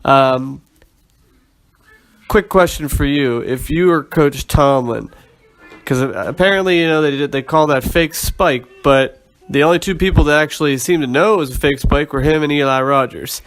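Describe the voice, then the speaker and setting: A man co-hosting a casual fantasy football podcast, speaking in a relaxed, rambling way with frequent ums. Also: fairly high pitch, moderate pace, faint music behind. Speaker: podcast co-host.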